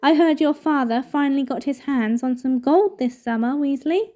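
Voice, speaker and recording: A woman's voice: high voice, moderate pace, warm tone, lightly acted. A woman reading aloud and voicing a sneering teenage bully who talks in a lazy, taunting drawl.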